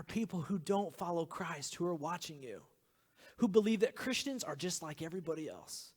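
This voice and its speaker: Earnest pastor, higher voice, reverberant hall. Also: male voice, animated, normal speed. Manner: earnest, drops into hushed whispers for emphasis. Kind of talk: sermon.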